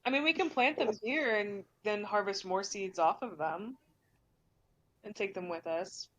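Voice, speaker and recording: A woman's voice: medium pitch, measured pace, fairly bright tone. A woman at an online tabletop game talks easily about what her character does, at times slipping into the character. Her mid-height voice comes through a somewhat muffled mic. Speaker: player. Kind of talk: tabletop role-play, in character and out. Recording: dull lo-fi mic.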